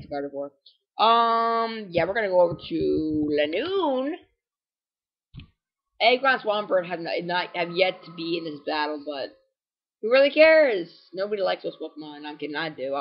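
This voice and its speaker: A young man giving casual, rambling gameplay commentary, full of fillers and self-corrections, quick to get excitable, and prone to sudden voice cracks. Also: on the high side, lo-fi sound. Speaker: game walkthrough commentator.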